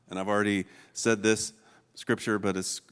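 A man's voice: lowish voice, little pitch movement, normal speed, fairly bright tone, smooth. A man in his forties preaching a sermon, earnest and emotional, often breaking into laughter and restarting his sentences. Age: 40s.

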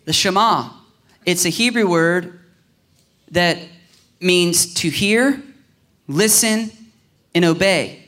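A male pastor with a faint Southern Ohio accent delivers a sermon in a relaxed, talky way. His voice sits high for a man, and he slips into quick acted-out exchanges to make his points. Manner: animated, acts out little dialogues in voices; casual, conversational preaching with restarts.

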